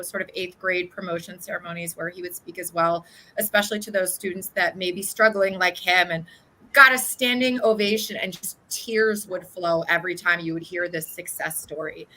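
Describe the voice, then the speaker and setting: A woman's voice: medium pitch, sharp tone, low-quality recording. A woman guest telling heartfelt stories in an earnest, conversational way. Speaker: charter school guest. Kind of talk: conversational interview.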